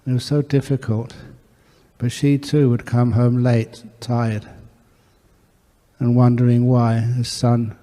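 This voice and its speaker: Male monk teacher, mellow voice, anecdotal dharma talk, long-reverb monastery hall. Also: mid-range voice, level tone, slow. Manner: warm anecdotal storytelling with acted dialogue.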